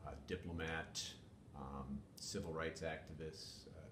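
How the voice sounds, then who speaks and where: Older male guest, deep voice, measured and wordy delivery, echoey room with faint rumble. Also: steady tone. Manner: measured, wordy, many fillers. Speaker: former police chief, guest. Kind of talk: casual interview talk.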